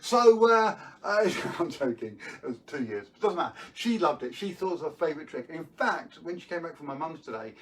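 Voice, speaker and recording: Chatty magician, mic at a distance. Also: male voice, fairly high pitch, expressive, a little fast, few pauses, fairly bright tone. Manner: chatty, self-deprecating storytelling with filler words. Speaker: magician performer. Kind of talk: live-streamed magic and comedy patter. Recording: distant mic, faint room noise.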